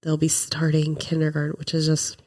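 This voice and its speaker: A young woman with a low voice, nasal and congested from a cold, co-hosts a casual podcast. She talks in chatty bursts and laughs easily. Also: completely flat delivery, fairly quick, darkish tone. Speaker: podcast co-host. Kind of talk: casual chat.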